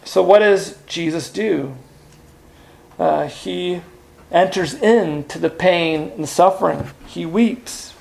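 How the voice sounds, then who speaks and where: Gravelly higher-voiced male preacher. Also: slow, darkish tone. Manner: earnest, with frequent "uh" and rhetorical questions. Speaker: pastor. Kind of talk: sermon.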